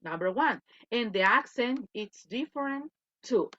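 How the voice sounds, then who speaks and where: Lively woman teacher. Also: on the high side, measured pace. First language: Spanish. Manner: switches between English and Spanish, repeats points, asks "okay?". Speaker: English teacher. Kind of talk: online class lecture. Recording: dull lo-fi audio.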